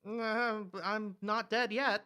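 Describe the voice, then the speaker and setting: A man co-hosting a casual online chat, his voice bright and forward. He rambles and jokes and restarts his sentences as he talks. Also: high-pitched, little pitch movement, slow pace, clear, resonant tone. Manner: rambling and joking, often restarts. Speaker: co-host.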